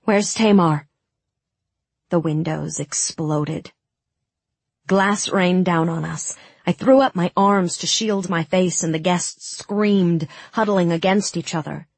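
A woman narrating a fantasy audiobook in the first person, with steady, dramatic storytelling on a close studio mic. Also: fairly low pitch, slow pace, vocal fry, slightly rough, dry recording.

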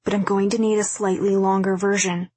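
A woman voicing a caring, gently firm mother in a novel reading. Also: mid-range voice, little pitch movement, fairly quick, slightly rough, no echo, lightly acted. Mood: gentle.

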